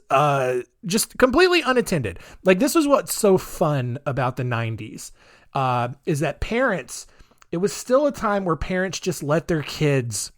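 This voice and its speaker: A man's voice: on the high side, no room sound, studio quality. A man hosting a podcast, telling a story in a chatty, rambling way with sarcastic asides. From United States. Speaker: podcast host.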